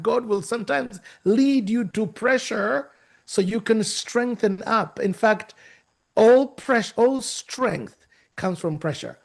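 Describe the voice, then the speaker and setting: A man from Uganda giving a lively, preacher-like motivational talk, often repeating his phrases. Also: high-pitched, gravelly. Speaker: speaker at a youth talk.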